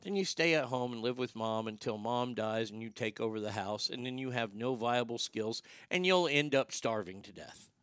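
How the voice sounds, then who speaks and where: A man's voice: mid-range voice, moderate pace, fairly bright tone, clear, resonant tone, dry recording, studio quality. A man hosting a vlog, ranting in a crude, opinionated monologue and stammering over his words. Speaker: vlog host.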